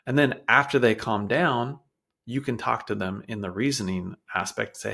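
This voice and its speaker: A man's voice: medium pitch, fairly even intonation, normal speed, vocal fry, bright, forceful tone. A man hosting a show, explaining child behavior in a casual, conversational way, often acting out quotes from parents and kids. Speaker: podcast host.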